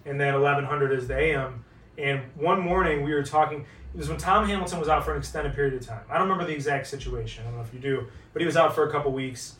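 A man from northeast Ohio co-hosting a podcast, telling stories in a lively way and swearing freely. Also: on the high side, fast talker, a little hiss or hum. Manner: animated storyteller, swears freely. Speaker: podcast co-host. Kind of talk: casual podcast chat. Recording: roomy, distant mic.

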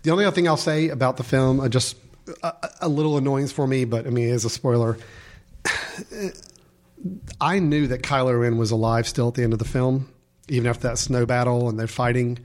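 Guy chatting about a movie, middle pitch, lays out his thinking calmly. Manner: measured, opinionated, explains his reasoning. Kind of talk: casual movie discussion.

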